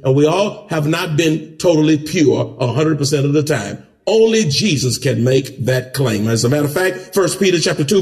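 A male pastor preaching a sermon, building from steady teaching to shouted emphasis. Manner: preaching with big pitch swings, rising to shouts.

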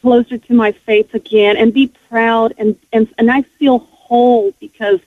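A woman's voice: on the high side, flat delivery, a little slow, no echo. A woman speaks earnestly and from the heart, sharing her personal faith story as a guest on a radio show. She often stops and restarts her sentences. The sound is thin and tinny, like a phone line, and completely dry. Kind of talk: emotional personal testimony.

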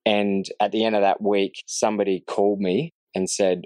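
A man earnestly telling his faith story in a casual interview, reflective and quick to laugh. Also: fairly low pitch, flat delivery, warm tone, no room sound. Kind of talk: casual testimony in conversation.

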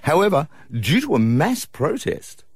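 A man's voice: on the high side, big pitch swings, a little slow, husky, dry recording. An Australian man co-hosting breakfast radio, joking and laughing as he chats with callers. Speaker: radio host.

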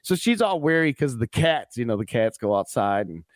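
A man's voice: mid-range voice, very animated, a little fast, no echo, studio quality. A man co-hosting a morning radio show, telling a rambling story with laughs and acted-out quotes. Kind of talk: casual storytelling banter on radio. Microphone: studio mic.

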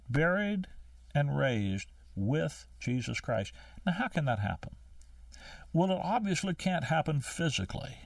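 An older man preaching a sermon, emphatic, slowing down to stress key phrases. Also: fairly high pitch, gravelly, no room sound, far from the mic.

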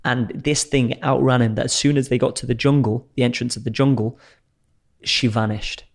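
A young male explorer with a medium-pitched, fairly even voice speaks at normal speed as a guest recounting his adventures. He tells the story casually yet animatedly, swearing freely and acting out what people said.

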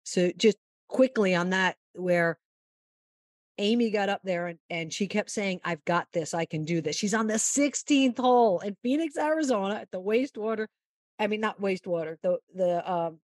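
A woman golf mental-game coach giving a long, animated interview answer and acting out the quotes in her story. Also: mid-range voice, moderate pace, no room sound, studio quality.

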